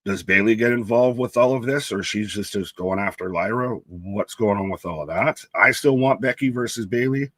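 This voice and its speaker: A man's voice: lowish voice, moderate pace, few pauses, a bit bright, no room sound. A young man co-hosting a live wrestling stream, chatting casually and reading out viewer comments by name. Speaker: co-host of a live wrestling watch-along stream.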